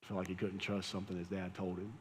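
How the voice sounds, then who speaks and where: A man's voice: deep voice, completely flat delivery, racing, a little hiss or hum. A man, preaching a sermon as a pastor, telling a casual, conversational story and laughing at it. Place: church hall with audience. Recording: live church hall with long reverb.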